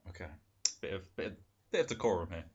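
A man's voice: sits low, fast, darkish tone, slightly rough. A man co-hosting a podcast in casual banter, jokey and teasing. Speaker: podcast co-host. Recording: dull lo-fi audio.

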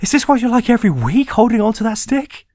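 A man's voice: very high voice, sing-song, quick pace, warm tone, dry recording, studio quality. A man co-hosting a comedy podcast, ranting with mock outrage. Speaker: podcast co-host. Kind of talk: comic ranting podcast chat.

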